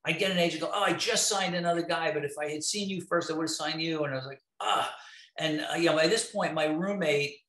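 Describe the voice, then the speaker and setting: Bright-voiced man telling stories in a roomy space. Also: a little high, fast. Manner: profane, animated storyteller. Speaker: interview guest. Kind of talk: storytelling in a conversational interview. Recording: roomy echo.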